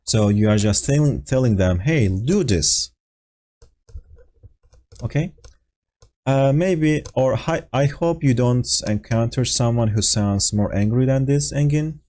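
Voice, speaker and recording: A man's voice: mid-range voice, moderate pace, few pauses, dark tone. A man teaching a language lesson over an online voice call, explaining patiently with fillers and acting out example phrases. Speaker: Turkish teacher. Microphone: voice call on Discord.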